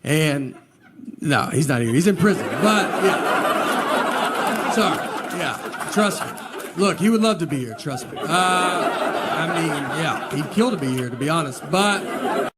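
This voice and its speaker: A man telling a story in a stand-up set, unhurried, with deadpan asides. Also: a little high, over a noisy crowd, very noisy. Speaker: stand-up comedian.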